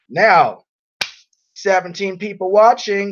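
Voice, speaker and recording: Irritated, blunt high-voiced man. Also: animated, measured pace, a bit bright. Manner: blunt and irritated, reads viewer comments aloud. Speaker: live streamer. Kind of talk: casual live stream chat. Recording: dull lo-fi stream audio.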